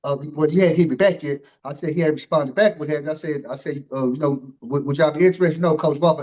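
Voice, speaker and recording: High-voiced rambling male interview host. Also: fast, hardly any pauses, darkish tone, muffled recording. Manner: rambling, loaded with "you know" and "man". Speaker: podcast host. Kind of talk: casual interview chat.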